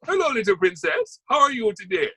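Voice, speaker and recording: A man's voice: extremely high pitch, sing-song, brisk, sharp tone, slight background noise, pitched above the performer's own voice, heavily acted. A man doing a sing-song West Indian gardener. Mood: welcoming. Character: cheerful male West Indian gardener in a cartoon.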